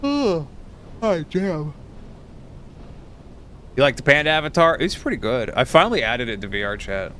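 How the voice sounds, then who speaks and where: Tired guy streaming, kinda sharp bright voice, teases chat a lot, faint rumble in the background. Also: very animated, fast, few pauses. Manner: tired, rambling, teasing chat readers. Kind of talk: casual live stream chat.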